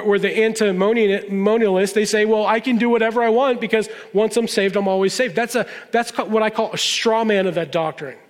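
A man's voice: high-pitched, in a large hall. A man preaching a sermon as a pastor, conversational and emphatic, with sudden stressed phrases.

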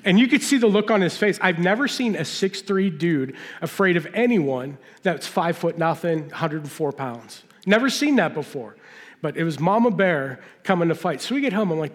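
Middle-aged preacher guy, fairly high voice, folksy storytelling, big echoey sanctuary. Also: lively intonation, moderate pace. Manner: folksy, conversational storytelling with audience questions. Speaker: pastor. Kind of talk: sermon with personal stories. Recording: long hall reverb.

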